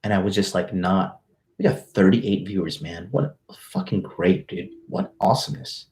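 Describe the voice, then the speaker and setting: A man's voice: low-pitched, animated, normal speed, darkish tone. A man hosting a livestream, telling a story in a brash, profane way with swaggering slang. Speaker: dating coach hosting a livestream.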